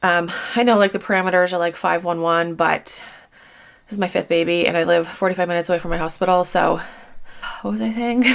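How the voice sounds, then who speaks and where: A woman in her thirties who resells online answers viewer comments in a casual to-camera vlog, candid and blunt, swearing casually and laughing between points. Her mid-range voice is fairly bright and clean.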